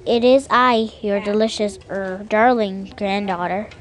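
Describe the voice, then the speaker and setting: A woman voicing a smooth-talking male wolf in a storybook reading, oily and falsely polite. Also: medium pitch, steady tone, unhurried, close to an everyday voice. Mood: sly.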